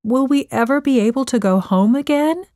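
A woman's voice: high-pitched, normal speed, warm tone, no room sound, clean studio sound, pitched above the performer's own voice, close to an everyday voice. Woman doing an anxious teenage boy. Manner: anxious, questioning. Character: frightened fifteen-year-old boy, loyal to his dog.

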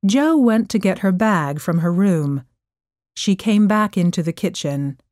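A woman narrating a storybook chapter in a careful, expressive reading voice. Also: mid-range voice, a little slow, no room sound, clean studio sound.

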